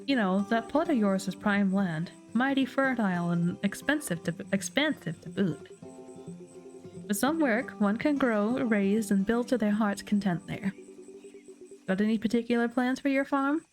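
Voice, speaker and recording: A woman's voice: medium pitch, lively intonation, normal speed, faint music behind, lightly acted. A woman reading aloud the lines of a friendly frontier wagon guide from a game, in her own plain voice without an accent.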